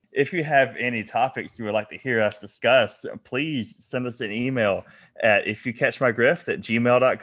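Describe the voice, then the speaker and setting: A man's voice: medium pitch, a bit bright. A man hosting a podcast, delivering chatty, upbeat sign-off patter to listeners. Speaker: podcast host. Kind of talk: casual podcast chat.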